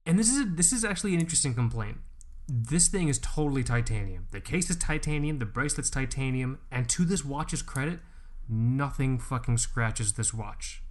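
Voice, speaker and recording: Profane, animated man on a podcast. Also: mid-range voice, normal speed. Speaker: podcast co-host. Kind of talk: casual podcast chat.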